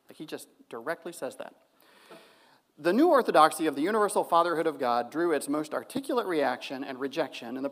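A man with a fairly high voice reads out a theology paper at a lecture. He works through long quotations and stops now and then for relaxed asides and small fillers. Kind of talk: academic paper presentation.

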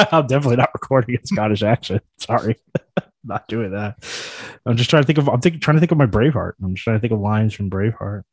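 A man's voice: fairly low pitch, fast, slightly rough. A man co-hosting a casual podcast, rambling and self-deprecating, with many restarts. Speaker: podcast co-host.

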